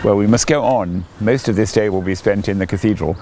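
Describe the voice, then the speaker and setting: Older priest chatting slowly in his garden, lowish voice, birds faintly behind. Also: noisy background. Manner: gentle, chatty, rambling with fillers. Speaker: priest leading morning prayer. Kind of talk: gentle devotional talk. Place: outdoors in a garden.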